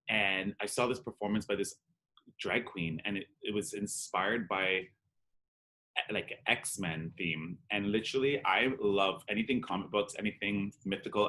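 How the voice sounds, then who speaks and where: A man's voice: on the low side, a bit bright. A man telling a personal story in an interview, candid and emotional, acting out the dialogue and peppering his speech with "like". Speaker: drag performer and interview guest.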